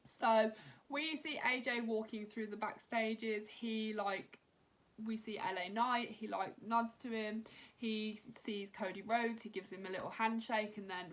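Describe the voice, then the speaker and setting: A woman's voice: on the high side, fairly even intonation, a little slow. A woman in her thirties, recapping a wrestling show in a chatty, emotional way, filling gaps with "um" and "like". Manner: chatty, emotional, heavy use of "um" and "like". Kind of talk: casual recap chat.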